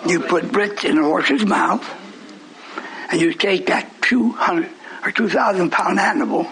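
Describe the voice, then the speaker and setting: A man preaching a sermon with fervent conviction, swinging between shouted declarations and hushed asides. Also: high voice, measured pace, poor audio. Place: church service. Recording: live recording with congregation noise. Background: congregation calling out responses.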